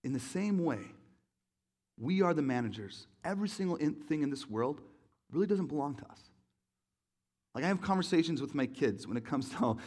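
Brief: man in his thirties, pastor delivering a casual sermon, lively, with a slightly high voice. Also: fairly quick, long pauses. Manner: animated, acts out quoted voices, jokes with the congregation. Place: church.

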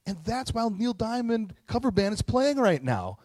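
Animated conversational male preacher. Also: high-pitched, moderate pace, no echo. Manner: casual and animated, frequent tag questions. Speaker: pastor. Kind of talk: conversational sermon.

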